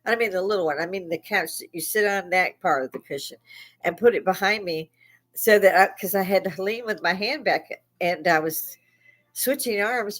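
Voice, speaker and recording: A woman's voice: lowish voice, a bit bright. An older woman, hosting a live stream and casually telling a story, laughing often and swearing freely. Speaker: livestream host.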